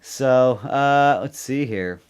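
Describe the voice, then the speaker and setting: A Canadian man co-hosts a podcast, rambling and joking through casual commentary and laughing often. His voice is medium in pitch and smooth, and he takes his time.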